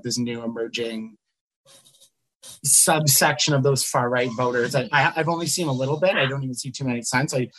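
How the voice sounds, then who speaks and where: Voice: medium pitch, low-quality recording. A co-host in a casual political chat, easygoing and self-deprecating, with many fillers.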